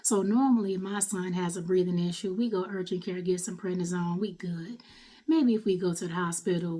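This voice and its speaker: A middle-aged woman speaks in a lowish voice, telling a personal story in a loose, conversational way. She sounds caught up in the emotion of what she recounts, yet keeps talking straight through it. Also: darkish tone. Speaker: vlogger, mother.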